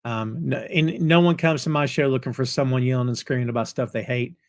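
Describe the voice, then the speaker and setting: With a mid-range voice that runs a little fast, this podcast host is a middle-aged man fronting a live wrestling talk show. He is animated, folksy and full of jokes as he banters with viewers reading the chat.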